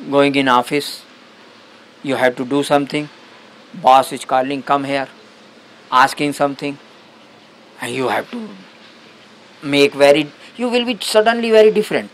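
Man giving an unhurried satsang talk. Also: fairly high pitch, fairly bright tone, low-quality recording. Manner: halting, broken English with many restarts. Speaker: spiritual teacher.

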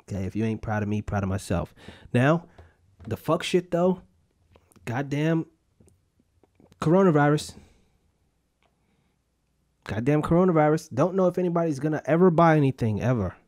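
A man's voice: lively intonation, moderate pace, pauses often, a little mellow. A young adult man hosting a podcast, telling profane jokey stories in a loose casual rant. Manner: loose, profane, jokey storytelling with sudden pitch jumps. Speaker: podcast host.

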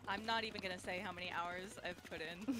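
A woman's voice: lowish voice, steady tone, fast talker, over music, poor audio. A woman guest chatting playfully on a casual gaming stream.

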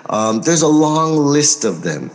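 An American man talks through an interview as a record producer. He is measured and unhurried, pausing often with soft fillers, yet stays forthright and outspoken. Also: a little high, very animated. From United States. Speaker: record producer and label owner. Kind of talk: interview answers.

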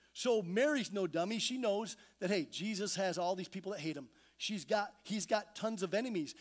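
A man preaching a sermon in a church, his voice pitched notably high for a man. He tells the story with animated energy and slips into voices to act out the scenes. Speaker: pastor. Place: church sanctuary.

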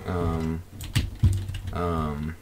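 A young British man giving playful Let's Play commentary, breaking into frustrated shouts. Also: a bass voice, flat delivery, drawn-out words, noisy background. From Britain. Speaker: gaming YouTuber.

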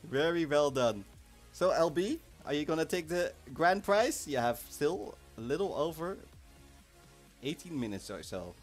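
A man hosting a live game stream, chatting casually and excitably, sometimes bursting into shouts. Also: on the high side, measured pace. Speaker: livestream host of an online game event. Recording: faint music in the background.

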